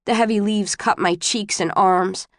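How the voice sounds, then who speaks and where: A woman reads a first-person novel in a subdued, measured way. Her voice sits in a middle register. The close studio recording is dry, with no room sound. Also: medium pitch, steady tone, no echo. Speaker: audiobook narrator.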